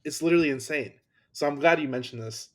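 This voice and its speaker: A man's voice: a little high, fast talker, a bit bright. A man hosting a podcast, talking enthusiastically and often restarting his sentences in casual conversation. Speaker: podcast host.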